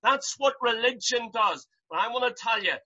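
A preacher delivering an impassioned sermon, piling up rhetorical questions and rising to loud cries. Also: medium pitch, animated, normal speed, slightly rough, muffled recording.

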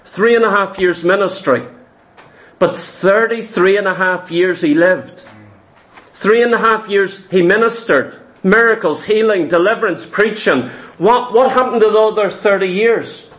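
A man with a very high voice preaches a sermon with emphatic repetition. He throws out rhetorical questions and clears his throat now and then. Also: measured pace, fairly bright tone.

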